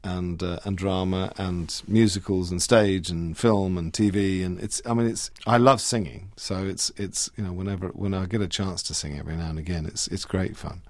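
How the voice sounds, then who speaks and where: A middle-aged British actor chatting as an interview guest, warm and rambling with frequent restarts. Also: male voice, sits low, steady tone, moderate pace, hardly any pauses, dry recording. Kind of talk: interview chat.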